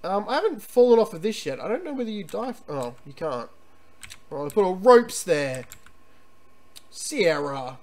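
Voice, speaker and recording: A man streaming a retro computer game, chatting excitedly and reading the game's text aloud. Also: sits high, moderate pace. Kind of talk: casual gameplay commentary and reading game text.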